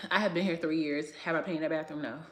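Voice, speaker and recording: A woman's voice: deep voice, fairly even intonation, a little fast, fairly bright tone. Chatty woman livestreaming from an echoey salon. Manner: chatty, rambling, talks straight to viewers. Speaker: hairstylist and salon owner hosting a livestream. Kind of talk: casual livestream chat with viewers. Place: small salon room.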